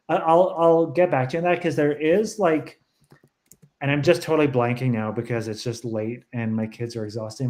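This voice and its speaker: A man's voice: mid-range voice, dark tone. A man speaking as a guest author in a casual book club discussion over a video call, thoughtful and rambling with many restarts.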